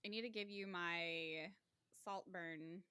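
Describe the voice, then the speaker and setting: A woman hosting a podcast in casual, relaxed chat, laughing often. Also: fairly low pitch, slow pace, clean tone, dry recording, studio quality. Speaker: podcast host.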